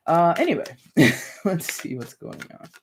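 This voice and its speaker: This tarot reader takes her time, her medium-pitched voice swinging hugely up and down, with slight background noise behind her. During a casual live-stream reading she chats directly with viewers, sprinkling in "like" and "you know" and small laughs.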